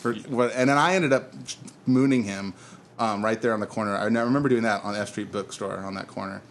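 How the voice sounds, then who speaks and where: Rambling man in his thirties, lowish voice. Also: brisk, a little hiss or hum. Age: 30s. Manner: rambling storyteller, laughs at own stories. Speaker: podcast co-host. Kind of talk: casual chat.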